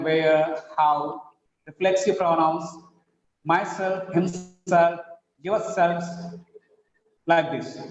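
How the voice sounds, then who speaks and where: A man with an Indian English accent teaching an online English class, drilling words slowly and with emphasis. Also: a little high, slight background noise. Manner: slow, emphatic word-by-word drilling. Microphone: video call. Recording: roomy, dull online class audio.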